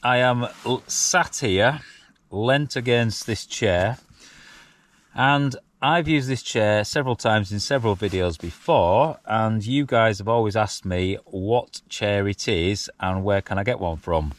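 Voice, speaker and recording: A man's voice: lowish voice, a little slow. A Yorkshire man vlogging casually from inside a small tent while wild camping, chatty and self-mocking with frequent chuckles. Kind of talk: casual camping vlog chat.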